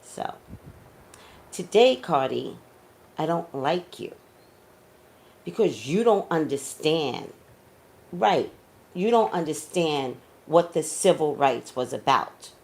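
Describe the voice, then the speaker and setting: Blunt scolding woman with gravelly low voice. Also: animated, takes it slowly, pauses often, a little mellow. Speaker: psychic commentator. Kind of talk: opinionated celebrity commentary.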